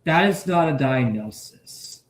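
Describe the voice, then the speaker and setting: A man streaming his reaction to a video, swearing freely and swinging from shouts to mumbles. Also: medium pitch, animated, unhurried, reverberant. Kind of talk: loud profane reaction commentary.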